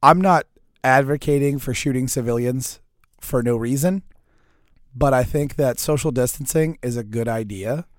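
Profane deadpan man, dry close mic. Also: medium pitch, normal speed, dry recording. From near New Orleans. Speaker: podcast co-host. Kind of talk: casual chat.

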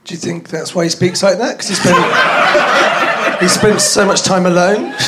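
A man co-hosting a podcast, with a dry, wry way of talking and frequent laughter. His voice sits slightly high for a man, and crowd noise can be heard behind him. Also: unhurried. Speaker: podcast co-host. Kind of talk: casual chat.

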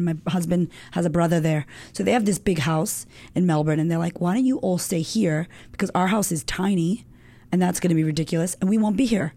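Gravelly, low-voiced woman, frank storyteller. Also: mellow, no echo. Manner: frank, swears freely, lots of "like". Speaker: guest. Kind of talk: candid storytelling chat. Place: home in Australia.

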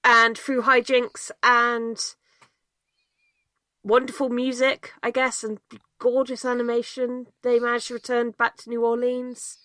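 Woman podcast cohost, slightly high voice, chatty, lots of ums, dry mic. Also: completely flat delivery, a little slow, sharp tone, no echo. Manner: chatty, plenty of ums, laughs easily. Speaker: podcast co-host. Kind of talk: casual film discussion.

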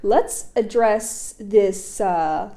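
Mellow-voiced young woman podcast host. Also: mid-range voice, very slow, low-quality recording. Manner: chatty, giggly, rambling. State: sore throat and stuffy nose. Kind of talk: casual chat. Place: chilly outdoor seating on a street.

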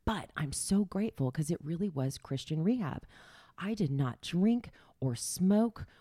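A woman's voice: on the low side, animated, measured pace, warm tone, no echo, studio quality. A middle-aged woman candidly telling her life story in a casual chat, laughing often and sometimes dropping to a near whisper.

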